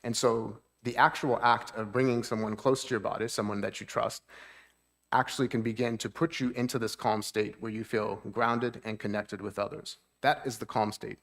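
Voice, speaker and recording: A man's voice: on the low side, little pitch movement, normal speed, creaky, a bit bright. A man, a therapist, giving a talk at a church seminar. He explains things plainly, keeps checking in with the audience, and lifts his voice to act out moods.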